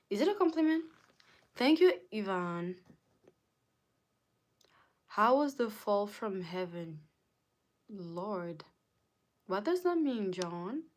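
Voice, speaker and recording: A woman's voice: medium pitch, sing-song, slow, pauses often. A young woman from Africa chatting casually on a livestream, reading viewer comments aloud and answering them, with lots of "like". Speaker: livestream host.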